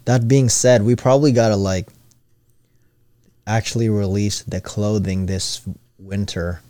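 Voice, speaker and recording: A man's voice: lowish voice, steady tone, a little slow, mellow, clean tone, no room sound. A young man co-hosting a podcast, joking around in easygoing slang. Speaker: podcast co-host. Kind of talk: casual podcast chat.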